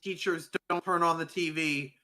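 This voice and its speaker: A man's voice: on the high side, steady tone, moderate pace, bright, forceful tone. A man co-hosting a live game stream, joking crudely and playfully. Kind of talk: live gameplay chat.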